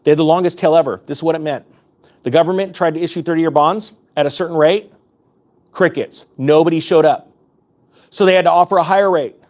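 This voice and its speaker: A man delivers impassioned commentary straight to his viewers, his voice sitting on the higher side. He sounds fired up and urgent, hammering home his points by repeating them. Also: brisk, darkish tone. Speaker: finance YouTuber. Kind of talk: impassioned direct-to-camera commentary.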